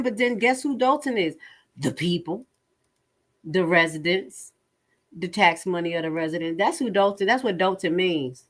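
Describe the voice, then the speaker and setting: A woman giving casual livestream commentary, blunt and profane with animated asides. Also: on the low side.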